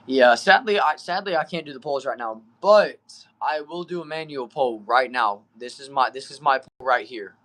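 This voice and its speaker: A young Texan man with a Southern accent hosts a livestream from a small back shed, reading viewer comments and tossing out "y'all" and "bro." He chats in an easygoing way, his mid-range voice slightly bright and moderately paced.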